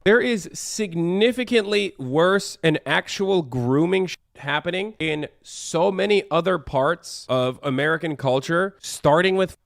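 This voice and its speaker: A man's voice: a little high, a little slow, vocal fry, hardly any pauses, no echo. Sarcastic, crude man with dry sound. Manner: sarcastic, crude, mimics his opponents. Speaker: commentator in a played clip. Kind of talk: mocking online commentary.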